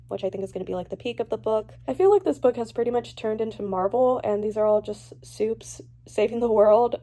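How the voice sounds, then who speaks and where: A young woman vlogging about a book she is reading, chatty and animated as she swings between gushing and ranting. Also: on the high side. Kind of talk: casual reading reaction vlog.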